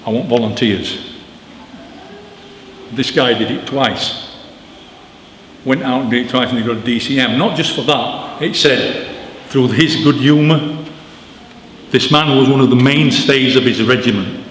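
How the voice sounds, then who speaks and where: A man giving an animated, informal talk to an audience at a book launch, telling stories with emphatic asides. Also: medium pitch, measured pace, pauses often. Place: church hall. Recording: echoey church with long reverb, faint noise.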